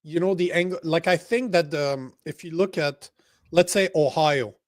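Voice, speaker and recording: A man's voice: a little high, measured pace, no echo, clean studio sound. A man whose first language is French, hosting a livestream and chatting casually about politics in a blunt, profane, emphatic way. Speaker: livestream host.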